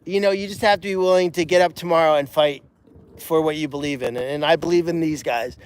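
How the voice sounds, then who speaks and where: High-voiced man rambling casually. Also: a little fast, clean tone, no room sound. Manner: rambling, frequent restarts and "you know" fillers. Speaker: animal sanctuary owner hosting a live stream. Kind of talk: casual rambling live-stream chat.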